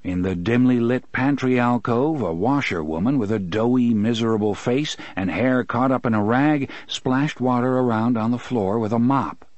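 A man's voice: medium pitch, normal speed, few pauses, a little mellow, no echo, highs cut off. A man narrating a story in scripted audiobook style, shifting his voice for characters.

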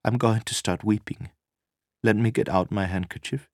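A man voicing a nervous young woman in a spy story, husky and soft-spoken with a tremulous edge. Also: lowish voice, fairly even intonation, moderate pace, dry recording, clean studio sound, pitched above the performer's own voice, natural voice. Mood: fragile.

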